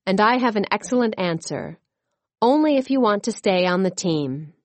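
A woman voicing a loud, commanding female gym coach in a storybook reading. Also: medium pitch, lively intonation, moderate pace, dry recording, natural voice. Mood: wry.

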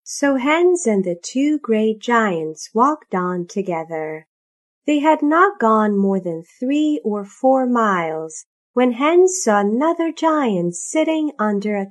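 A woman reads a children's storybook aloud in a slow, expressive way. Her fairly high voice rises and falls a great deal to keep the tale vivid. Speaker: narrator. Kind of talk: storybook reading.

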